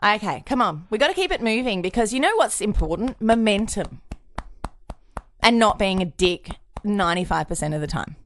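A woman co-hosting a podcast in casual banter, sharp-tongued and sweary, laughing often. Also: mid-range voice, lively intonation, normal speed. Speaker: podcast co-host.

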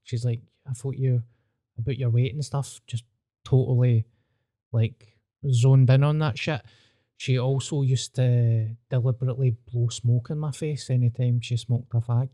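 A man's voice: medium pitch, steady tone, measured pace, warm tone. A man with a Scottish accent co-hosting a casual podcast chat, easygoing and chiming in. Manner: easygoing, chiming in with short replies. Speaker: podcast co-host.

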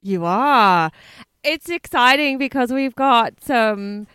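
A woman's voice: a little high, expressive, a bit bright, clean tone, no room sound, studio quality. A woman co-hosting a comedy podcast, talking casually with a stuffy cold, giggling often and swearing freely. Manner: giggly, swearing, quick to laugh. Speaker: podcast co-host. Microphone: close podcast mic.

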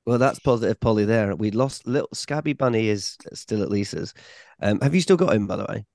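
A man's voice: lowish voice, brisk, gravelly, no echo. A man co-hosting a podcast, chatting casually and telling stories animatedly. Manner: animated storyteller, acts out voices. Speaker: podcast co-host. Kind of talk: casual chat.

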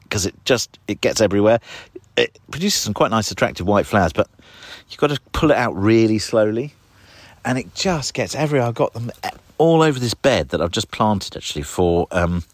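A man with a low voice that leaps around animatedly, chatting his way through his garden outdoors. He's a touch out of breath and keeps dropping wry, self-deprecating asides as he goes. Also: no echo. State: slightly out of breath. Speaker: podcast host. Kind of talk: casual gardening walk-through.

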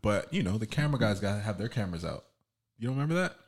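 A man on a podcast telling a story in an animated way and acting out what others said. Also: fairly low pitch, very fast. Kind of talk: casual storytelling.

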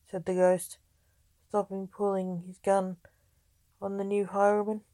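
Woman narrator for a storybook reading, unhurried, mellow tone, dry close sound. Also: mid-range voice, little pitch movement, no room sound.

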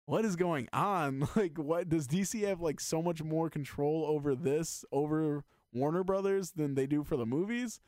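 A man chatting casually as a podcast host, excitedly rambling with lots of filler words. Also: a little high, normal speed, hardly any pauses, no echo, clean studio sound. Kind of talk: casual chat.

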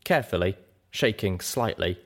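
A man narrating a story aloud as an audiobook reader, with an expressive, dramatic delivery. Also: low-pitched, normal speed, noisy background. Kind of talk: scripted narration.

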